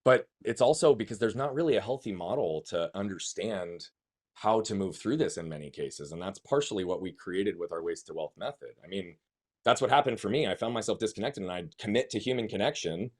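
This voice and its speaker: A man's voice: lowish voice, lively intonation, brisk. Emphatic man telling his story. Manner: emphatic, swears, rhetorical questions. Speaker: guest. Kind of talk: conversational storytelling.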